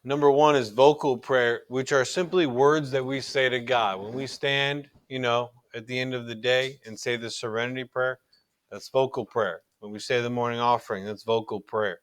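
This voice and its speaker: A man's voice: mid-range voice, steady tone, normal speed, no echo. A middle-aged man teaching a recorded religion class in an earnest, conversational way, often restarting his sentences.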